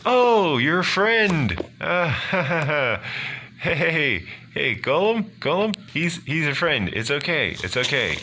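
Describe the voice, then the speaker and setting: A man voicing a startled, stammering adventurer who has just been woken up, speaking high and frantic. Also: big pitch swings, takes it slowly, pushed and bright, exaggerated voice.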